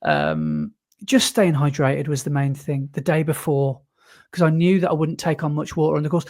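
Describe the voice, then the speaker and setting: Chatty British man, fairly high voice. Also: lively intonation, moderate pace, darkish tone. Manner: chatty, enthusiastic, many fillers and restarts. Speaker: podcast co-host. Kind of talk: casual chat.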